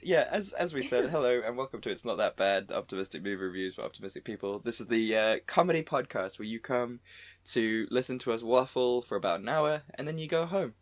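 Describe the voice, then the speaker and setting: A man's voice: mid-range voice, expressive, fairly quick. Rambling man co-hosting a podcast. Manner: rambling, with fillers and repeated welcomes. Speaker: podcast co-host. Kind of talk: casual comedy podcast chat.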